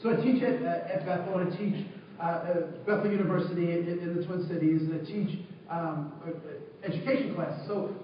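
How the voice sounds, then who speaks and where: A man's voice: high-pitched, a little fast, a little hiss or hum. A man leading an interactive training workshop, telling stories with energy and repeating audience answers back to the room. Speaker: workshop facilitator and university education instructor. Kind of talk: interactive diversity training talk. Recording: echoey, distant, muffled room recording.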